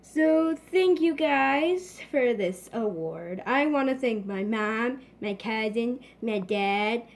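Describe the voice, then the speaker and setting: A woman's voice: fairly high pitch, lively intonation, takes it slowly, few pauses, voice pushed down. A woman voicing a boastful toy pet actor who brags and then rattles off a long list of thank-yous.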